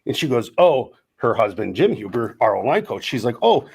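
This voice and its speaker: A middle-aged man co-hosting a podcast, telling lively stories and acting out the quotes. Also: fairly low pitch, fast talker, gravelly, slightly rough. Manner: animated storyteller acting out quotes. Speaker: podcast co-host. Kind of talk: casual storytelling chat.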